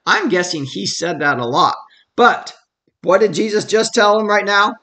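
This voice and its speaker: A man's voice: high voice, normal speed, pushed and bright. A man giving a casual, conversational Bible study at home, explaining a passage and reading verses aloud with emphasis.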